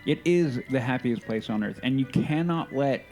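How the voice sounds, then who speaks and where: Mellow-voiced man making his point. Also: medium pitch, normal speed, faint music behind, rough recording. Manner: emphatic, repeats himself for stress. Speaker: podcast co-host. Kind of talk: casual podcast chat.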